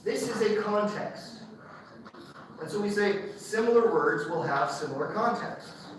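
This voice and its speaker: A university lecturer explains ideas in a chatty, enthusiastic way, often checking in with his class. His voice sits a little high for a man. He is heard from a distance in a very echoey hall with a faint hum behind him. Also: animated, a little slow.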